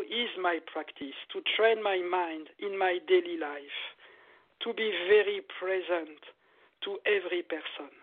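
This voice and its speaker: High-voiced man over a phone-like line. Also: measured pace. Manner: animated, repetitive, laughs often. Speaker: meditation teacher, guest. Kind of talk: casual interview.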